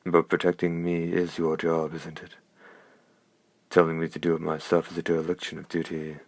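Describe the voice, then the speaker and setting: A spoiled young noblewoman, imperious and scornful, who treats everyone as hired help, played by a man. The voice stays very deep and flat, with a close, dry sound. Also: normal speed, no room sound. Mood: indignant.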